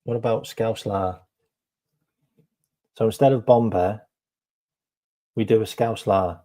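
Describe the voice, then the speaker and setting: A male stream host talking casually to his viewers in an unhurried way. His voice is dark and relaxed, and he keeps repeating himself and filling gaps with ums. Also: on the low side. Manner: chatty, full of ums and repeated phrases. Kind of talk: casual live stream chat.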